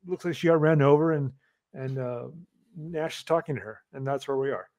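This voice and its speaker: A man's voice: medium pitch, fairly quick, darkish tone. A man co-hosting a podcast, chatting casually in a laid-back, joking way. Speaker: podcast co-host. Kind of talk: casual chat.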